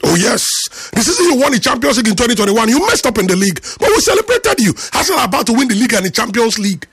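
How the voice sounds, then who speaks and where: A male radio host lectures and teases a caller in a lively, preachy rant. His voice sits high with a husky, gravelly grain. The sound is dry and close. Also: very fast, dry recording. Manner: animated, teasing, preachy rant. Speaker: radio sports show moderator. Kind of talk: call-in sports talk radio.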